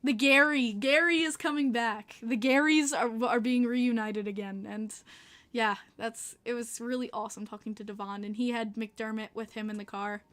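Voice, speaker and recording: A woman's voice: on the high side, fairly even intonation, normal speed, fairly bright tone. A woman with a Long Island New York accent, hosting a casual livestream podcast and chatting with viewers, laughing often. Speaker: podcast host reading live chat.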